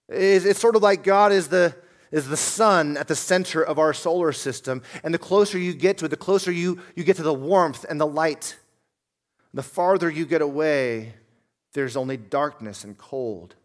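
A man preaching a sermon as a pastor, earnest, dropping to a hush and then rising to loud emphasis. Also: a little high, moderate pace.

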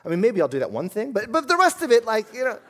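A man's voice: extremely high pitch, huge pitch swings, fast talker, voice pushed up, exaggerated voice. A man preaching voices a let-down young husband, pleading in a raised voice within a sermon.

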